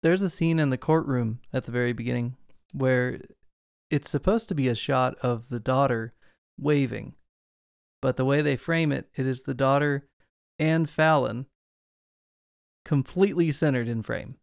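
A man's voice: mid-range voice, normal speed, vocal fry, clear, resonant tone, no room sound, studio quality. A man hosting a casual movie-review podcast, talking eagerly and at length. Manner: eager, talkative, explains at length. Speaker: podcast host.

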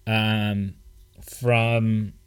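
Animated man chatting about films. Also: on the low side, drawn-out words, clear, resonant tone. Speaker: podcast co-host. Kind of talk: casual film discussion.

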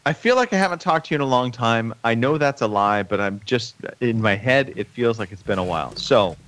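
A man's voice: mid-range voice, animated, a little fast, fairly bright tone, slight background noise. A man hosting a podcast in loose, joking chat with friends, often stumbling and restarting his sentences. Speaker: podcast host. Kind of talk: casual chat among friends.

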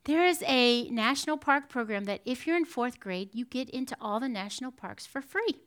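A woman giving a sermon in a conversational, animated storytelling manner, often checking in with the listeners. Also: on the high side, moderate pace. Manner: animated storytelling with frequent "right?" asides. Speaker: preacher.

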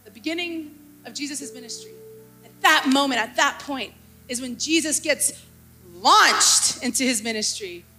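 Young woman pastor, very high and sharp-toned, passionate sermon delivery, faint music under. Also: moderate pace. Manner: passionate, rising to fervent exclaiming.

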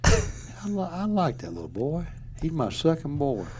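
A man's voice: on the high side, huge pitch swings, very noisy, voice pushed up. A man doing a drunk, boastful old governor. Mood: slurring. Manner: slow, slurred, stumbling speech. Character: drunk older male Southern governor, boastful, rambling.

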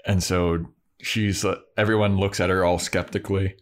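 A man co-hosting a casual podcast, retelling a TV episode with crude jokes and quick voices for the characters. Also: deep voice, level tone. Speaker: podcast co-host recapping a TV episode. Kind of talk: casual chat.

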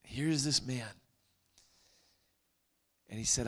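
A man preaching a storytelling sermon, animated and dropping to hushed whispers for emphasis. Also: medium pitch, a little slow.

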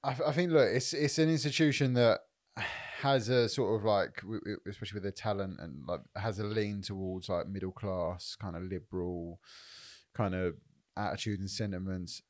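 Low-voiced, thoughtful podcast co-host man. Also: no room sound, clean studio sound. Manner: thoughtful, measured, hedging with fillers. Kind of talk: casual chat.

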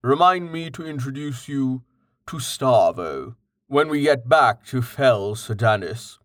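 A man voicing a patient, well-read companion who explains things in a calm, matter-of-fact way, slow and dry. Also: medium pitch, dry recording.

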